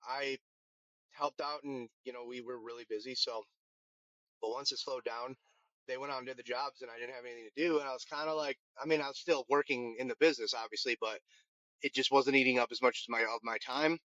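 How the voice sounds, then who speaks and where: A man's voice: mid-range voice, fairly even intonation, a little fast, pushed and bright, no echo. A man, a firefighter who runs a vending business, telling his story in a casual interview with many restarts and fillers. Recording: dull, lo-fi sound.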